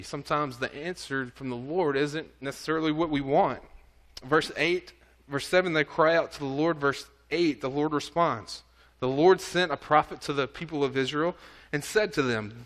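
A man's voice: a little high, a bit bright. A man preaching a sermon, reading scripture aloud and earnestly urging his listeners. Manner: reads scripture then exhorts, pleading and earnest.

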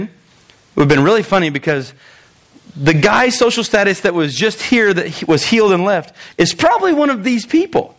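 High-voiced male pastor preaching conversationally. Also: big pitch swings, brisk, a bit bright. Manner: conversational, acts out quoted voices, chuckles. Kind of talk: sermon.

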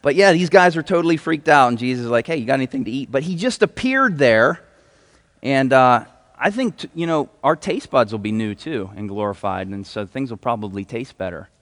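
A man's voice: medium pitch, expressive, moderate pace, a bit bright. A man preaching a sermon as a pastor in a casual, enthusiastic way, reading scripture aloud. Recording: hall reverb.

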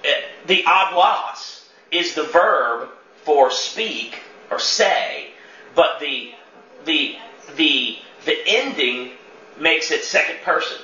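A man's voice: fairly high pitch, lively intonation, takes it slowly, sharp tone. A man leading a church teaching session, talking conversationally, quizzing the room and repeating words as he thinks. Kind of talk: interactive teaching talk. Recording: echoey dull room sound from far off.

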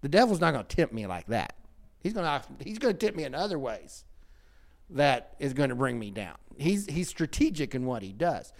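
A man who works as a counselor, hosting a talk show discussion in an animated way, laughing often and repeating words as he starts his sentences. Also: mid-range voice, moderate pace. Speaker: counselor and host.

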